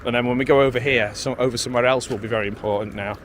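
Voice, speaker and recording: Walking along a windy beach, a vlogger rambles casually into a handheld pocket camera and talks to his dog, poking fun at himself. His medium-pitched voice is very fast with fairly even intonation, and faint wind, outdoor noise, and crowd noise come through.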